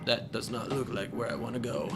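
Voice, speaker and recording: A young man giving let's play commentary, thinking aloud and getting emotional, sometimes breaking into high exclaims. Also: animated, fairly quick, over loud music. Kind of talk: gameplay commentary.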